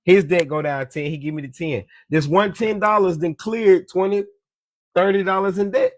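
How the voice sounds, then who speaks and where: This social media commentator has a high voice at moderate pace, recorded at studio quality with no echo. He gives a casual, profane sermon-like monologue on money, often calling listeners "beloved" and repeating "you dig me."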